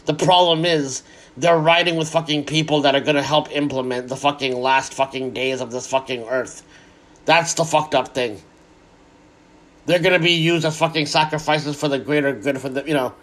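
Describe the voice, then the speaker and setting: A man's voice: on the high side, fairly even intonation, moderate pace, a bit bright. A man in an angry, heavily profane solo rant. He is sarcastic and keeps repeating words as he restarts his sentences.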